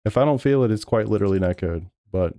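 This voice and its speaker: A man's voice: lowish voice, expressive, quick pace, warm tone, slight background noise. Profane, exasperated sim racing streamer man. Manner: profane and exasperated, arguing back at chat. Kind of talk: live stream commentary over race replays. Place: home sim racing room.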